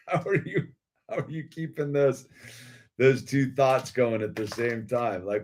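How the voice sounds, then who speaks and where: A man's voice: medium pitch, expressive, slow, pauses often, a little mellow. Laid-back man, dude-heavy slang. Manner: laid-back surfer slang, says dude and man constantly, laughs often. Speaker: video creator. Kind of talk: rambling casual storytelling.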